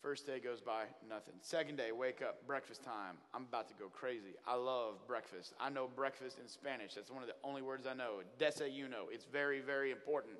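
Male preacher, comic testimony storyteller, bright and pushy tone, big reverberant church sound. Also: mid-range voice, brisk, hardly any pauses. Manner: animated storytelling, acts out his own prayers. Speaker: traveling children's minister. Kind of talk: comedic testimony sermon. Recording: long hall reverb.

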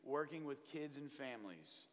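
A man voicing God as a calm, firm inner voice in a sermon, speaking lower and softer than his own voice. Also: moderate pace, natural voice. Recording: long hall reverb.

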